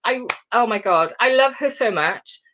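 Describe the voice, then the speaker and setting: Lively, high-voiced woman chatting. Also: dull audio. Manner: animated, chatty, breaks into quick impressions. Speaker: co-host of a comedy podcast. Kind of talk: casual chat.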